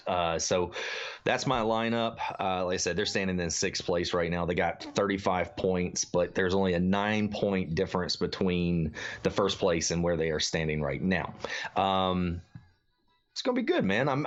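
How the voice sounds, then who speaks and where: Male esports caster, very deep, relaxed and chatty, lo-fi mic sound. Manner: laid-back, uses filler "man". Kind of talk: casual play-by-play commentary.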